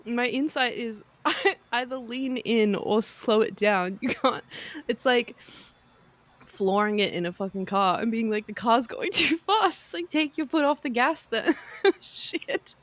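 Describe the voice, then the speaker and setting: A young woman with a fairly high voice, chatting casually as a podcast co-host. She teases and swears freely, and her sentences keep dissolving into giggles. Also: a little slow, no echo. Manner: laughs constantly, swears freely, teasing. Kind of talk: casual chat.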